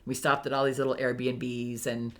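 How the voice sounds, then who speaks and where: A woman's voice: extremely low pitch, normal speed. An older woman, a retired firefighter, telling travel stories in a casual interview and acting out the voices of people she met. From Hawaii, United States. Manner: animated, acts out quoted voices. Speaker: interview guest. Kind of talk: casual storytelling.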